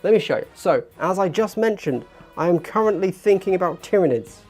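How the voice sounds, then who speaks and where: A man in his thirties hosting a casual hobby livestream, chatty and animated, getting worked up and poking fun at himself. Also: sits high, a little fast. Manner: chatty, animated, gets worked up and self-deprecating. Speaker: livestream host. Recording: faint background music.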